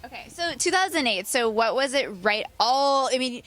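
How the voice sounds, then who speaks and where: A woman's voice: high voice, animated, moderate pace, a bit bright. A young woman interviewing a guest at an event, upbeat and friendly. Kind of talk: casual interview.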